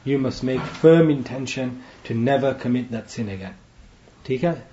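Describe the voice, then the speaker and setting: Male imam giving a teaching sermon, mellow tone, quick chanted verses, echoey dull room. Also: medium pitch, slight background noise. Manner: teaching, checking in with frequent asides.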